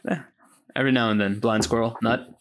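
A male podcast co-host riffs through a casual chat, joking and rambling as he pokes fun at himself. His voice sits at an ordinary middle pitch. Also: fairly even intonation, fast talker, slight background noise. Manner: joking, rambling, self-mocking.

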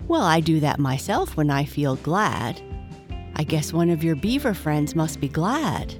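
A woman's voice: deep voice, sing-song, unhurried, over music. A woman voicing a friendly, curious male dog who asks lots of questions.

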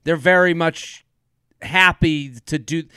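A man co-hosting a podcast in casual chat, animated, laughing often and acting out quotes. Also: a little high, slow pace, smooth, dry recording, studio quality. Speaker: podcast co-host.

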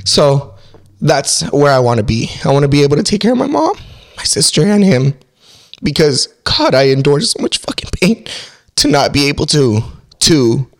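A man with a fairly high voice speaks as a podcast guest, swearing freely and turning raw feelings into laughs. His talk is casual and heartfelt, with emotion breaking through. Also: sing-song, moderate pace.

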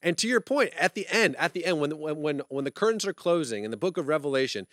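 A man hosting an interview, talking in an animated, enthusiastic, casual way with slangy turns of phrase. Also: a little high, fast talker, no room sound, studio quality. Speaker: interview host. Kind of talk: casual chat.

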